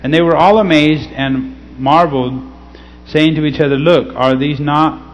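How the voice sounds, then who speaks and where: A man reading scripture slowly and teaching in a casual way, often checking in with "okay?". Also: a little high. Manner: slow, deliberate scripture reading. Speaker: pastor. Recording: slightly dull recording with faint hum.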